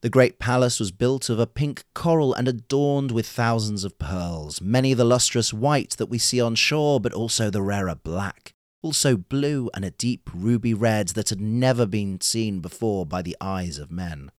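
A man narrating a folktale in a measured, unhurried storytelling manner. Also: on the low side, no echo, studio quality.

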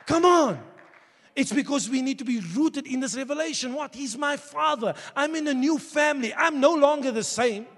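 A man preaching a sermon as pastor, passionate and conversational, building to shouts. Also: extremely high pitch, expressive, moderate pace. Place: church hall. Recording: long hall reverb.

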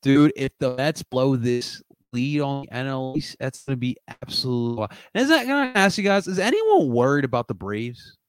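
A young man from Philadelphia hosting a casual sports livestream, rambling and answering his chat, jumping between loud outbursts and low mutters. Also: sing-song, moderate pace, hardly any pauses, clear, resonant tone, dry recording. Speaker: livestream host.

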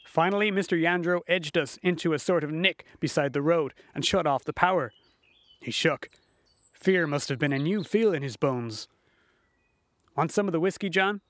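A man narrating a first-person story in a folksy, unhurried storytelling manner. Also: fairly high pitch, no echo.

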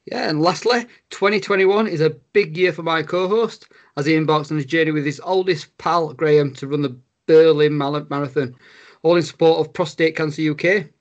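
A British man co-hosts a relaxed podcast. His voice sits a little high for a man. He speaks in a friendly, rambling way and fills his pauses with hesitations. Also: lo-fi sound. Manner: friendly, rambling, many "uh" fillers. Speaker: podcast co-host. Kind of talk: casual podcast chat.

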